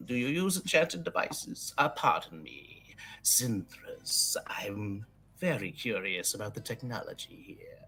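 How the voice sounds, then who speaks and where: A man's voice: on the low side, animated, a little slow, creaky, bright, forceful tone, soft background music, full character voice. A man voicing a polite male robotic being in a tabletop game, asking formal, courteous questions about technology. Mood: curious.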